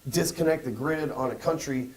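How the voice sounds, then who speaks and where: Man, podcast co-host, casual profane chat, animated, acts out voices, higher pitch. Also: moderate pace, low-quality recording.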